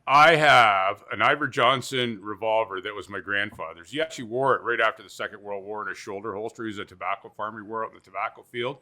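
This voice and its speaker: This Canadian man joins a podcast chat. His voice is bright and forward, and he speaks in halting bursts with fillers. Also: on the low side. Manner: halting, stops and starts with fillers. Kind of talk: casual podcast discussion.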